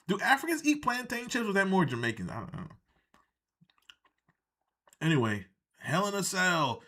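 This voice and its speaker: A man riffs through a live reaction stream in loose, profane commentary. His tone is sarcastic and exasperated throughout. His voice sits slightly high for a man. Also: very animated, normal speed, pauses often, pushed and bright. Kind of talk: casual ranting commentary.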